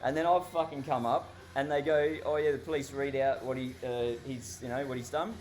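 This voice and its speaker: A man's voice: medium pitch, fairly even intonation, fairly quick, darkish tone, soft background music. An Australian man telling a story casually, rambling and swearing constantly, often laughing. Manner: heavily profane, rambling, laughs while telling.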